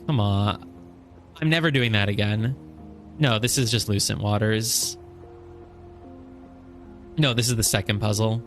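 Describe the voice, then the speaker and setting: A man's voice: on the low side, unhurried, pauses often, a bit bright, faint music behind. A young man streaming a puzzle game, thinking aloud, counting squares and scolding himself over his mistakes. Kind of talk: casual live gameplay commentary.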